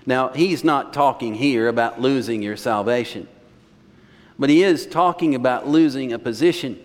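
A man's voice: mid-range voice, normal speed. Male pastor preaching in a reverberant church. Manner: conversational storytelling preacher. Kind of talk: sermon.

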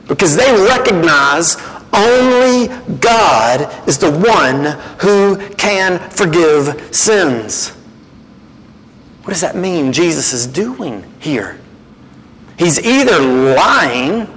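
A man's voice: high-pitched, big-room sound, poor audio. A man preaching as a guest speaker, acting out the voices he quotes. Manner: animated, acts out quoted voices. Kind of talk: sermon.

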